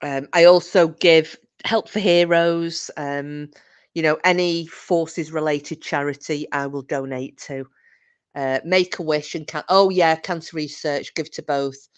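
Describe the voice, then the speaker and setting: A middle-aged woman talks unhurriedly on a casual livestream. Her voice sits on the low side, and she reacts to her chat with a chatty, laughing manner. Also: fairly even intonation, unhurried, clear, resonant tone. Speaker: livestream host reading chat.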